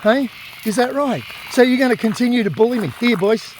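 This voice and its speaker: A man's voice: extremely high pitch, animated, brisk, crowd noise. An Australian man, an activist filming himself, speaking in an impassioned, defiant way and raising his voice to make his points. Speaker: animal rights activist. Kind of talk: impassioned filmed monologue and confrontation. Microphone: phone camera held by speaker.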